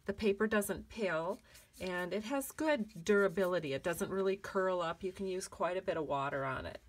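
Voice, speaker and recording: A craft demonstrator with a lowish voice walks through a card-making technique at a moderate pace. She is chatty and encouraging, guiding viewers through each step of the tutorial.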